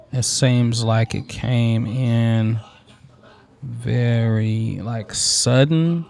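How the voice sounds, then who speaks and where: A man hosting a software tutorial, thinking aloud in a loose, informal way as he works on screen. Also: mid-range voice. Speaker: tutorial host.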